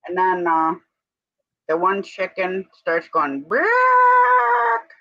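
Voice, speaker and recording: A woman with a fairly low, fairly bright voice speaks slowly and steadily, with no room sound, over dull lo-fi stream audio. She's co-hosting a live stream, rambling casually and now and then stopping to give her dog commands.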